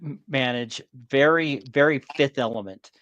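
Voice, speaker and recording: A man of medium pitch chats on a podcast in a halting way, full of "like" and restarts. His voice is dry and close-miked. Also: a bit bright, no room sound, highs cut off. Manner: hesitant, filler-heavy. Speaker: podcast co-host. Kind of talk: casual chat.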